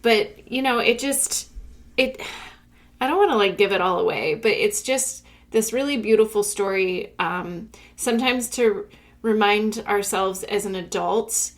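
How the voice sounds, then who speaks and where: A woman's voice: medium pitch, a little slow. Chatty woman co-hosting a library podcast. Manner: chatty, reflective, trails off into quiet asides. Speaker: podcast co-host, library staff. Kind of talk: casual chat.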